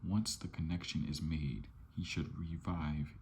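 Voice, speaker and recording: Man doing a snippy male villain twin, whispered role-play, gravelly low voice. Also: steady tone, unhurried, darkish tone, a little hiss or hum, full character voice. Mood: bickering. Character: arguing bickering adult male villain twin scientist.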